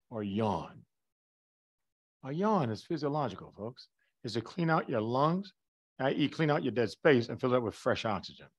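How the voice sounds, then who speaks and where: Lively man lecturing a class. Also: sits high. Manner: lively, emphatic, asks the class questions. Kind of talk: live online lecture.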